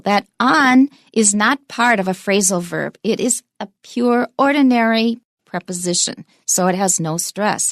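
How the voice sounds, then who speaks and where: A woman's voice: medium pitch, lively intonation, brisk, few pauses, no echo. Woman demonstrating English stress, dry mic. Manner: clear, emphatic demonstration of stress. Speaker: English teacher. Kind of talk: bilingual radio English lesson.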